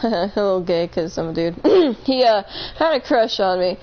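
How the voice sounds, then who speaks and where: A woman's voice: medium pitch, animated, normal speed, highs cut off. A woman casually telling a long story on a live stream, rambling, correcting herself and laughing between points.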